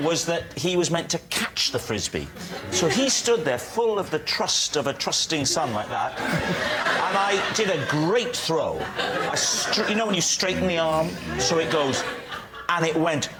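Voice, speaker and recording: A man's voice: on the high side, big pitch swings, a little slow, low-quality recording. A man hosting a comedy panel show who tells a playful story and keeps laughing through it. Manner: giggles through his own anecdote. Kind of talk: playful storytelling to a studio audience. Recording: loud studio audience laughter.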